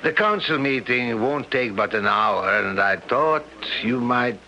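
Cast: jovial town councilman, lively bright voice, radio drama. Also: mid-range voice, unhurried, slight background noise, rough recording. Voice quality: hearty, friendly, pressing. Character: jovial middle-aged town councilman, insistent old friend. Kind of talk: 1970s radio drama acting.

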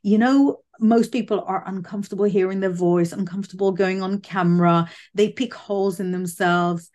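A woman from the UK with a quirky, unusual voice, chatting loudly as a guest over a video call. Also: mid-range voice, steady tone, normal speed. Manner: loud, chatty, laughs often. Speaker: guest psychic medium. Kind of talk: casual interview chat.

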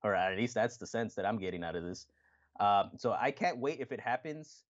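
A man co-hosting a podcast in casual chat, animated, swearing often and acting out quotes with laughter. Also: lowish voice, fairly quick, lo-fi sound. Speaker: podcast co-host.

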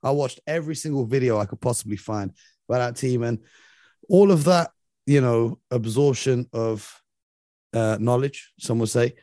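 A man's voice: mid-range voice, normal speed, no echo, studio quality. Enthusiastic young man. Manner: enthusiastic, animated, leads the conversation. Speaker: podcast co-host. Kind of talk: casual sports chat.

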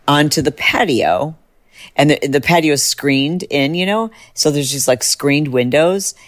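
A middle-aged woman hosting a podcast, chatting casually and telling a story with lively jumps in pitch when excited. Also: measured pace. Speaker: podcast host. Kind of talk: casual chat.

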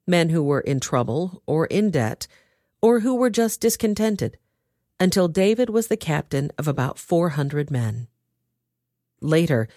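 Woman narrating with expressive lilt. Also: low voice, no room sound, clean studio sound. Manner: expressive storytelling. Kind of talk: dramatized scripture reading.

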